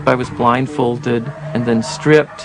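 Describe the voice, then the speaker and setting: A man's voice: mid-range voice, fairly even intonation, slow pace, music in the background, low-quality recording. A man interviewed for a documentary, casually telling his story and mimicking the voices he quotes. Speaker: interviewee, former prisoner.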